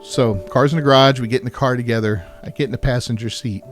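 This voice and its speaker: A man in the middle of a candid personal story, speaking at an ordinary, mid-range pitch. He rambles and halts, restarting sentences and leaning on "you know" as he goes. Music plays clearly behind him. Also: fairly even intonation, fast talker. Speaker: vlogger sharing a personal story. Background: background music.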